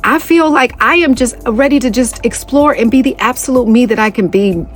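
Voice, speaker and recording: A woman's voice: fairly high pitch, moderate pace, soft background music. A young adult woman hosting a podcast, talking from the heart in a casual, conversational way. She is emotional and close to tears. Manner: heartfelt, conversational, addresses listeners as y'all. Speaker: podcast host. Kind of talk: emotional personal podcast talk, then guided meditation.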